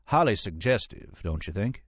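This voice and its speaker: A man doing a soft-spoken Southern gentleman agent. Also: on the low side, very animated, normal speed, husky, dry recording. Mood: courtly. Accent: upper-class Southern US. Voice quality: soft, mellifluous, flowing. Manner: polite, languid, formal phrasing. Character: pale, courtly male FBI agent, unhurried.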